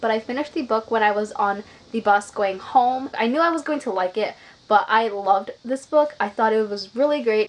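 A woman's voice: fairly high pitch, poor audio. A young woman book vlogger, chatty and upbeat, filming herself on a phone. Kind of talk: casual vlog. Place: home.

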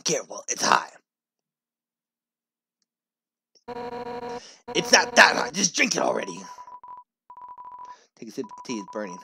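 A man's voice: mid-range voice, huge pitch swings, fairly quick, vocal fry, crowd noise, pitched below the performer's own voice. A man reading as a brash fish warrior woman. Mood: gruff. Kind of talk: reading game dialogue aloud.

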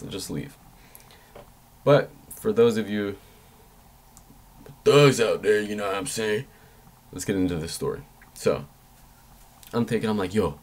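A young man with a low voice tells a story to his vlog audience in a loose, rambling way. He swears freely and loses his train of thought often. When he quotes his own panicked thoughts, his voice jumps up high. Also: a little mellow. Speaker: vlogger.

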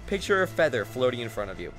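A man voicing a calm, friendly young man who talks a friend through panic slowly and gently in a video game playthrough. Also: mid-range voice, soft background music. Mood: soothing.

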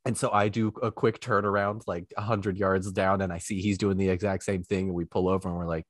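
A man talking as a podcast guest, telling animated stories and acting out the lines he quotes. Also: low voice, brisk, no echo, clean studio sound. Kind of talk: casual interview chat.

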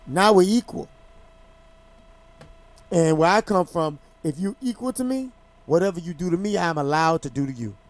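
A man's voice: sits high, expressive, moderate pace, long pauses. A man hosting a talk show, telling stories in an emphatic, heated way with lots of restarts. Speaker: talk show host and former boxing champion. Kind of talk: casual talk show chat.

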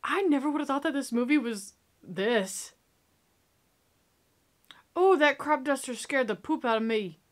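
A young woman hosting a movie reaction, in sassy, excitable casual commentary that talks back to the screen. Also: high voice, unhurried, pauses often. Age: young adult.

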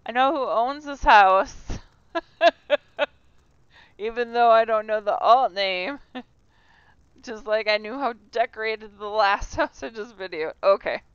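A woman's voice: on the high side, slow pace, pauses often, smooth, no room sound, highs cut off. A woman hosting a casual tour of a game house, chatty, giggly and self-deprecating. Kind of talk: casual gameplay tour commentary.

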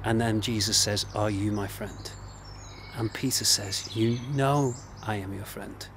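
An English man of middle pitch preaches in an earnest, gently emphatic way, returning again and again to the same phrases. His sermon was recorded for an online service, with a faint hiss and the odd bird in the background. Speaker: minister.

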